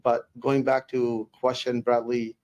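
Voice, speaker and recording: A man's voice: medium pitch, level tone, unhurried, a little mellow, lo-fi sound. A man talking on a webinar panel as a tech company executive, rambling and restarting his sentences often.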